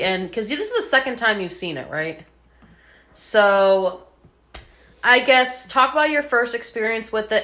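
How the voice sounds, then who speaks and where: A woman's voice: mid-range voice, pushed and bright. A woman co-hosting a casual podcast, chatty and full of fillers, swearing now and then. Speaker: podcast co-host.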